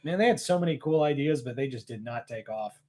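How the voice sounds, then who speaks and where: A man joining as a guest in a casual live Q&A chat, pausing with ums and getting animated when sharing opinions. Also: medium pitch. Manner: thoughtful, pauses with ums, gets animated on opinions.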